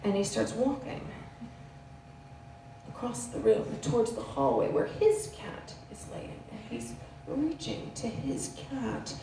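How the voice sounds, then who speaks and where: Animated woman telling a stand-up story. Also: creaky. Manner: animated storytelling with wild pitch jumps. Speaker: stand-up comedian. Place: comedy stage in a venue. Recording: roomy live venue, distant, faint hiss.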